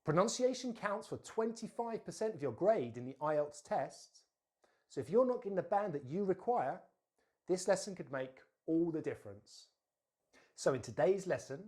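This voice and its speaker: A man from England giving an English pronunciation lesson with clear, deliberate delivery. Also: fairly high pitch, a little mellow. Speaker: English teacher.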